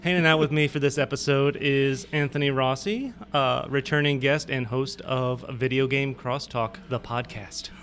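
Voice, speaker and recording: A man's voice: medium pitch, steady tone, moderate pace, hardly any pauses, a bit bright. A man hosting a podcast from the upstairs room of a pub, chatting casually, rambling and laughing easily. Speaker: podcast host.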